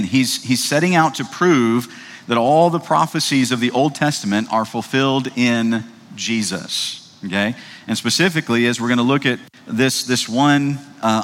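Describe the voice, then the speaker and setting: A man's voice: medium pitch, fairly bright tone. Man preaching in a reverberant hall. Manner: conversational, frequent fillers and tag questions; reads scripture aloud in old-fashioned wording. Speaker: pastor. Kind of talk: sermon.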